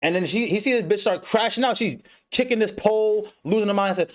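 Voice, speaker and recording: Male streamer, a bit higher-pitched, swearing and laughing through a loose anime recap at his home setup. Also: quick pace, hardly any pauses. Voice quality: relaxed, profane, laughs often. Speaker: stream host. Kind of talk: casual anime recap on a livestream. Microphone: desk setup with webcam.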